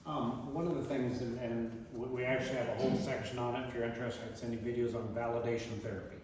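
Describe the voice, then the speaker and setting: A man's voice: medium pitch, fast talker, recorded from a distance, a little hiss or hum. Man lecturing in an echoey hall. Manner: animated, acting out quoted voices. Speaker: presenter. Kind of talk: community talk on dementia care. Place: community meeting room.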